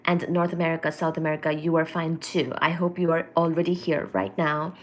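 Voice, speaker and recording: A woman's voice: low voice, brisk. A woman hosting a casual live stream, chatty and playful as she greets viewers and reads their comments aloud. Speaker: livestream host.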